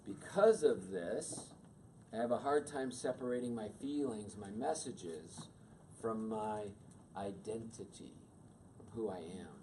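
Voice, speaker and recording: A man in his fifties, a workshop speaker telling a personal story to an audience in a conversational, animated way. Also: lowish voice, unhurried, noisy background. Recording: distant mic with faint room ambience.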